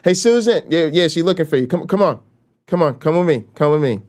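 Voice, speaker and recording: A man's voice: on the high side, expressive, fairly quick, a little mellow, pitched above the performer's own voice, lightly acted. A man acting out a friendly bystander who coaxes someone away by repeating invitations. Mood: coaxing. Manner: upbeat, coaxing, repeating himself.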